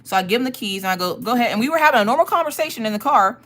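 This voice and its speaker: Woman streamer in casual storytelling mode, lively swooping pitch, salty language, frequent laughs. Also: racing. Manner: animated, profane, laughing storyteller. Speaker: streamer and craft channel host.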